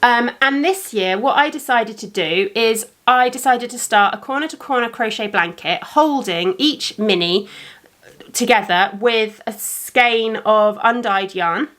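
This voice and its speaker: A woman with a bright, fairly high voice chats to camera about her crafting. She rambles casually, fills pauses with ums and talks straight to her viewers. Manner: chatty, rambling with frequent ums. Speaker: crafting podcast host and yarn dyer. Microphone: camera facing the speaker.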